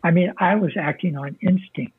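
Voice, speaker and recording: An older American military veteran tells his story as an interview guest, speaking plainly and swearing freely. His voice is high-pitched and slightly rough, at a normal speed. The sound is dry and narrow, like a phone line, with no echo.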